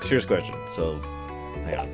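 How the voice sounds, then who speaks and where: A man's voice: deep voice, lively intonation, normal speed, over loud music. A man streaming a game, giving casual commentary with dry, wry asides. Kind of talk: casual let's-play commentary.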